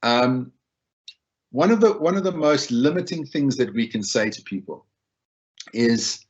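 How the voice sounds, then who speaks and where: In an unhurried mid-range voice with long pauses, a man gives an informal wellbeing talk about supporting others. He keeps it conversational, often repeating himself and acting out people's lines. The audio sounds dull.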